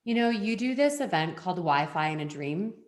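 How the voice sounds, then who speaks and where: A woman hosting a podcast interview, chatting casually and jumping in with quick, upbeat agreement. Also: lowish voice, lively intonation. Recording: roomy echo.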